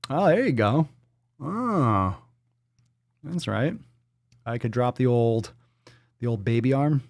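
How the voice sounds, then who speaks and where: A man's voice: mid-range voice, lively intonation, slow, no echo, studio quality. A man hosting a livestream, reading out viewer donations and messages in casual, profane chat full of jokes and riffs. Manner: joking, profane and riffing off-the-cuff. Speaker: livestream host.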